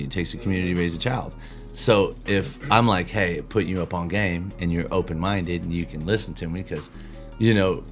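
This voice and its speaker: A man in his thirties on a casual podcast, talking bluntly and with lots of swearing about raising kids. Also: deep voice. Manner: blunt, profane, animated storytelling. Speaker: podcast co-host.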